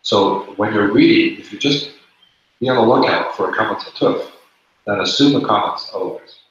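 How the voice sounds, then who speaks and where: A man with a fairly low voice delivers a classroom lecture at normal speed, explaining rules step by step and going over the key points again. The room is echoey and the lo-fi recording sounds dull.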